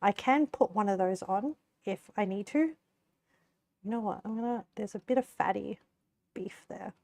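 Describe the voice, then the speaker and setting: A young Australian woman cooks on a live stream and chats casually with her viewers, giggling a lot and rambling with plenty of "like" fillers. Her voice is medium in pitch and slightly dark, at a normal pace, with no echo.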